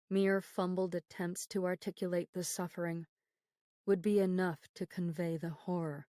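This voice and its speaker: A woman reading a horror novel aloud as an audiobook narrator, in a measured, grave storytelling manner, recorded on a close studio mic. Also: fairly low pitch, a little mellow, no room sound. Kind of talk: scripted narration.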